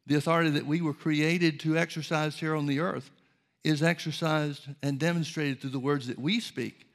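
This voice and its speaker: Gravelly-voiced male preacher. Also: a little high. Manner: measured preaching, reads scripture aloud. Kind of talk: sermon.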